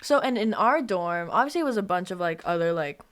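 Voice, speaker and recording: A woman's voice: fairly low pitch, animated, fairly quick, a bit bright. A young woman in casual podcast chat, talking in a loose way with many fillers. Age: young adult. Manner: chatty, full of fillers. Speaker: podcast guest.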